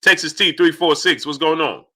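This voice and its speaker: A man hosting a casual live stream, greeting chat viewers by name one after another in an animated, rapid-fire way. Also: a little high, slightly rough.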